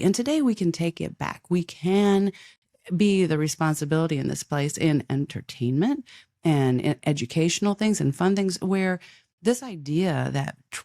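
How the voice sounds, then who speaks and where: An older woman speaks as an interview guest in a lively, animated way, often breaking off and restarting mid-sentence. Her voice is recorded dry and close, with no room sound. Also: low voice, no room sound. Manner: animated, acts out quoted dialogue, frequent restarts. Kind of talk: conversational interview.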